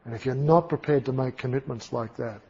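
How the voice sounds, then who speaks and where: A man preaching a sermon, telling stories emphatically and dramatically, swinging from loud to hushed. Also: mid-range voice, fairly quick, gravelly, husky, dull audio. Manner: dramatic, emphatic storytelling with big swings in volume.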